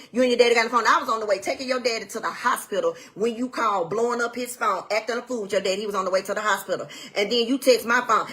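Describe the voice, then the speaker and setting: Woman, fairly high voice, blunt, indignant, emphatic, direct-to-camera talk. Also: sharp tone. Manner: emphatic, repetitive "I said" retelling. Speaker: widow telling her side of a family dispute.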